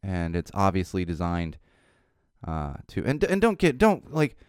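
A man's voice: low voice, wildly swooping pitch, measured pace, smooth, dry recording, clean studio sound. A man hosting a podcast, ranting sarcastically in a casual opinion monologue, with restarts and laughs. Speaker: podcast host.

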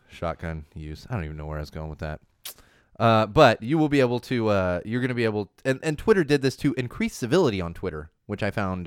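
Man, 30s, podcast host, casual news chat, animated, rambling asides, very lively pitch, dry sound. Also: clean tone, dry recording.

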